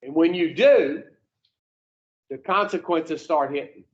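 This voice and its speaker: A man with a fairly high voice speaks slowly to an addiction recovery group, blunt, profane and plain-spoken, firing rhetorical questions at the room. It's a blunt motivational talk, and the recording has its highs cut off.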